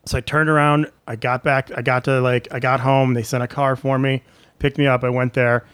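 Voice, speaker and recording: A man's voice: medium pitch, a little fast, clean tone, no echo. A man, a comedian guest, telling stories in a casual chat and acting out the people he quotes. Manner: animated storyteller, acts out quoted people.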